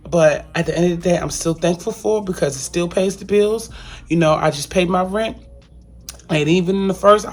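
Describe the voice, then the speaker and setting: Earnest woman vlogging to her viewers. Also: mid-range voice. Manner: earnest, repetitive, casual slang, addresses viewers as y'all. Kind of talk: casual heartfelt monologue to camera.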